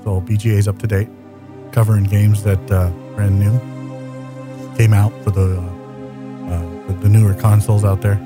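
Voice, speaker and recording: A man's voice: on the low side, little pitch movement, normal speed, pauses often, over music. A man co-hosting a podcast, stammering and restarting often in a mock self-pitying way. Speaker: podcast co-host. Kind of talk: casual podcast chat.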